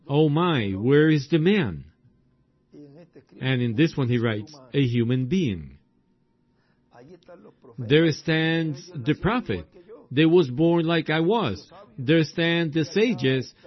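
Man, sermon, unhurried drawn-out preaching, exclamations, muffled old recording. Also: medium pitch. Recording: dull lo-fi recording.

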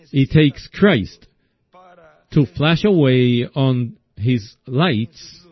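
A man preaching a sermon in a slow, folksy storytelling way, often asking his listeners "see?". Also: mid-range voice, no room sound. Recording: dull lo-fi recording.

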